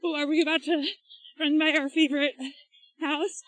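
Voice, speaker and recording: Woman podcast co-host, high voice, dry close sound, chatty explainer recorded on a run. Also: little pitch movement, moderate pace, a bit bright, no room sound, low-quality recording. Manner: chatty, explains at length with laughs. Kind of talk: casual chat while running. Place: outdoors, on a run.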